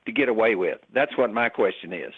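A man's voice: on the low side, animated, fairly quick, husky. A man talking in casual chat, emphatic and full of rhetorical questions. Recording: tinny phone-like line.

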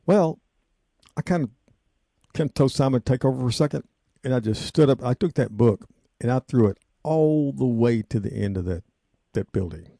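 A man, hosting a radio show and telling a rambling story in an excitable, emotional way, laughing often. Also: medium pitch, normal speed, creaky, long pauses, dry recording, clean studio sound.

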